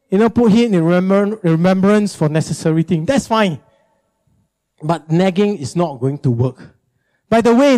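A male pastor preaching a sermon, animated and emphatic, often repeating words for effect. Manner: animated, emphatic, jumps into high mimicking.

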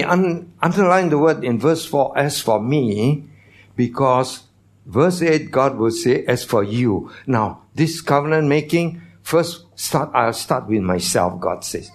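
A man's voice: medium pitch, lively intonation, unhurried. A man preaching a sermon as pastor, teaching, asking the congregation questions, with non-native phrasing.

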